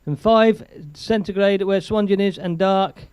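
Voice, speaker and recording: Man, live-stream host, high-pitched, rambling chat, dry close sound. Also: steady tone, a little slow, darkish tone, clear, resonant tone, no echo. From England. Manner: chatty, rambling, laughs often, reads viewer comments aloud.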